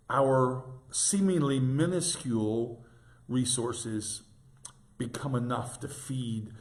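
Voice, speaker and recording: A man in his sixties, a pastor, giving an informal devotional reflection in a tender, halting way with gentle restarts. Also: mid-range voice.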